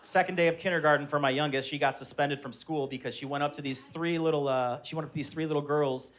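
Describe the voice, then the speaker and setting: A man's voice: fairly high pitch, fast talker, a little hiss or hum. A stand-up comedian in his thirties, telling stories on stage and acting out the voices of his family and others. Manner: animated storytelling, acts out voices of his kids and others. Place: live comedy venue with audience.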